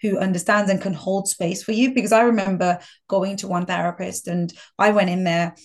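Woman guest psychologist, thoughtful, affirming, middle-pitched voice. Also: fairly even intonation, fairly quick. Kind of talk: casual chat.

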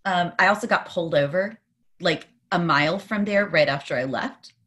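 A woman who is a podcast guest, telling personal stories in an animated way and laughing often. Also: lowish voice, normal speed. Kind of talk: conversational interview.

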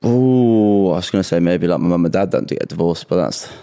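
Young man, rapid low voice, teasing banter on a podcast. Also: dark tone, clean tone. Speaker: podcast co-host. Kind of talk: casual chat.

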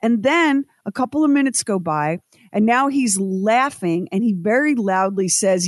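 A woman co-hosting a radio show, telling a story with lively quoted voices. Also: mid-range voice, normal speed, dry recording. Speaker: co-host. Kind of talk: casual chat.

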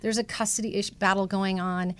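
A woman's voice: medium pitch, fairly quick, smooth. A middle-aged woman, a matchmaker guest, telling a story with feeling and acting out the people she quotes. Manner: animated, emotional storyteller acting out quoted voices. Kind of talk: conversational storytelling interview.

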